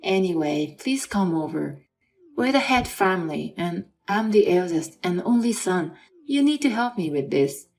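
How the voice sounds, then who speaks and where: A woman's voice: lowish voice, lively intonation, moderate pace, darkish tone. A woman reading a demanding, evasive husband. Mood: pleading. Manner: pleading then dismissive. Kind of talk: dramatized story reading.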